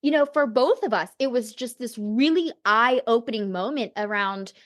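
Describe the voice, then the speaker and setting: A woman's voice: fairly high pitch, normal speed, a bit bright. A woman guest on a podcast interview, telling a personal story in a reflective, candid way with frequent casual fillers. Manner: reflective, personal, heavy on "you know" and "like".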